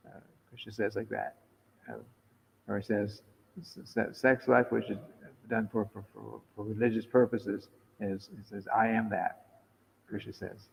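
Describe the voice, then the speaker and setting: Gravelly man reading in an echoing hall. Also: lowish voice, little pitch movement. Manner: halting, restarts often in chat, louder when reading aloud. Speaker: temple devotee reading to a group. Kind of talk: informal reading and talk. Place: temple hall. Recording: dull lo-fi recording in a long-echo hall.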